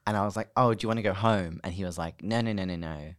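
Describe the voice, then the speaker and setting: An Australian woman, a podcast guest, telling an animated story in casual chat and laughing often. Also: very deep voice, quick pace.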